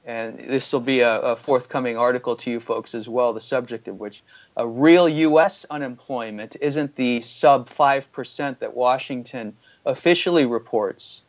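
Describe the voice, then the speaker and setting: A man's voice: medium pitch, normal speed. Argumentative male analyst, lo-fi audio. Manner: critical, argumentative, many fillers. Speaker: economic analyst guest. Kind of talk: interview commentary.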